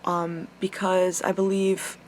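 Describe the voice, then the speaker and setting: A woman's voice: fairly low pitch, level tone, slow. A young woman telling a personal story to her camera, rambling with lots of swearing and filler words. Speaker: vlogger. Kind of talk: casual storytime monologue.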